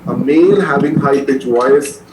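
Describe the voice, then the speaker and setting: Faint noise and a roomy echo surround a mid-range, unhurried male voice giving a medical lecture in a classroom. He keeps repeating key terms so students can write them down, drilling them for their exams.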